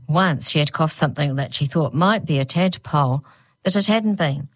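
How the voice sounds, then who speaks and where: A woman reads a children's story aloud in a measured, steady manner. Her voice is very low for a woman, recorded dry and close. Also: dry recording. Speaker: audiobook narrator. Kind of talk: scripted storybook narration.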